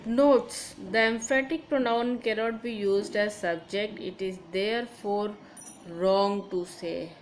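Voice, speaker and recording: A woman teacher, slowly explaining grammar to schoolchildren and repeating each example. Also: medium pitch, fairly even intonation, a little hiss or hum, rough recording. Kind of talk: recorded online grammar lesson.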